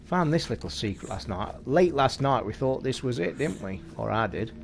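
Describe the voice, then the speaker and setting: A man's voice: mid-range voice, lively intonation, moderate pace, gravelly, a little hiss or hum. A man streaming a game live, chatting casually to his viewers and swearing constantly as he plays. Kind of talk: casual live gameplay commentary.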